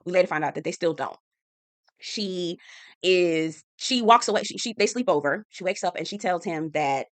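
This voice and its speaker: A woman chatting through a casual TV episode recap, animated and slangy with sassy asides. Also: lowish voice, no room sound. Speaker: TV recap host.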